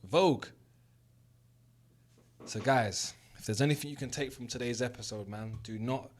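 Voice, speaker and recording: A young man with a London accent tells a personal story straight to his listeners. His voice sits in an ordinary middle pitch, and he talks in a candid, earnest way, swearing freely as he drives his point home. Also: brisk. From South West London. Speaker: host. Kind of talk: motivational storytelling monologue.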